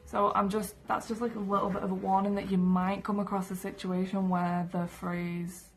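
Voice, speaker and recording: Young woman, vlogging from her room, flat pitch, gravelly fry, lots of fillers. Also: normal speed. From England. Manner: chatty, many "like" and "um" fillers. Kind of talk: casual storytelling to camera.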